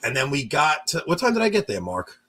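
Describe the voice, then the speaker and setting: A man's voice: on the high side, huge pitch swings, brisk, sharp tone, a little hiss or hum. A man from New York hosting a casual podcast, telling rambling stories and laughing often. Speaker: podcast host.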